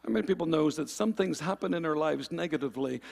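A man preaching a fervent sermon, calling on the congregation for amens and swinging between loud and quiet passages. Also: fairly high pitch, lively intonation, fast, creaky, big-room sound.

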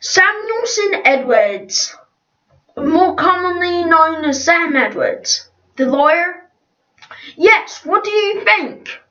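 A woman's voice: extremely high pitch, expressive, takes it slowly, pushed and bright, pitched above the performer's own voice, exaggerated voice. Woman doing a proud British lawyer man. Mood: haughty. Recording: distant, roomy, dull lo-fi.

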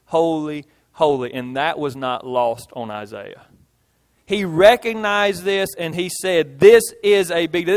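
A male pastor, preaching a sermon in a folksy way, with homey stories and emphatic repetition. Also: a little high.

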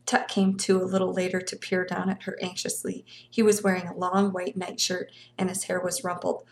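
A woman reading a novel aloud with expressive storytelling. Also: lowish voice, moderate pace. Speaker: reader of a novel.

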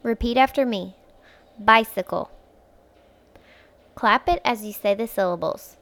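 A woman hosting a phonics lesson for young children, speaking clearly and patiently, stretching words out syllable by syllable and encouraging the listener. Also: on the high side, unhurried, fairly bright tone. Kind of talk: slow, clear instructional speech for young children.

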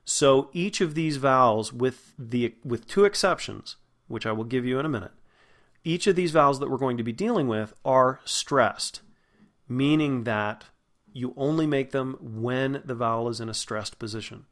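A man explains English vowel sounds in the steady, patient way of a diction teacher. His pitch sits in an ordinary middle range. He slows down and draws out sounds to demonstrate them. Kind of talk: spoken vowel lesson.

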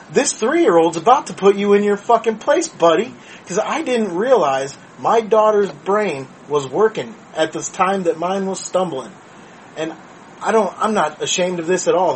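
A man in his thirties, a podcast co-host, telling a story in casual chat, profane and animated. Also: sits high, a little hiss or hum, poor audio.

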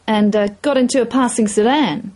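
A woman's voice: a little high, moderate pace, a little mellow, natural voice. A woman reading a story aloud, voicing an unflappable young male pub manager who speaks in a dry, matter-of-fact way.

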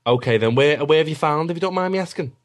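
Blunt sweary radio host. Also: male voice, fairly high pitch, fast talker. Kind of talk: casual radio phone-in.

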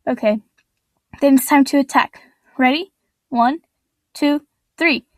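A woman's voice: sits high, slow, dry recording. A woman voicing a brave young heroine girl who leads her friends, in an earnest read. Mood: eager.

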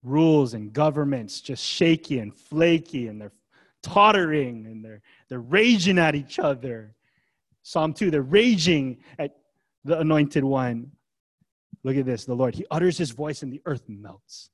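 A male pastor delivers a sermon in a mid-range voice. He drops to a hush for gentle passages, then builds to loud, emphatic declarations, and slips in casual, conversational asides. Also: medium pitch, lively intonation, measured pace.

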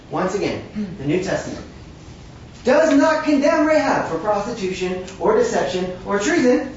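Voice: mid-range voice, big pitch swings, moderate pace, slight background noise. A preacher giving an emphatic, conversational sermon with wry asides, recorded from a distance in a large room. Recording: very echoey, distant from the mic, dull.

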